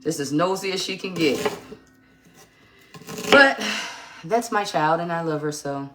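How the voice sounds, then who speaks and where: A middle-aged woman with a fairly low voice hosts a relaxed cooking demonstration from her home kitchen. She chats, teases, and thinks aloud as she works. Faint music and the clatter of pots and pans sit in the background. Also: measured pace. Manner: chatty, teasing, thinks aloud while working. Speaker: cooking show host.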